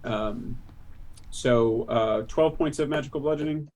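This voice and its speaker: A man playing a tabletop game, talking hesitantly with many pauses and fillers. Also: medium pitch, darkish tone, slight background noise. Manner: hesitant, lots of ums. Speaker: player.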